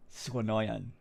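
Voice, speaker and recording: A man's voice: lowish voice, creaky, a little mellow. A man co-hosting a casual podcast, swearing freely and chiming in with corrections. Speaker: podcast co-host. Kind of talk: casual chat.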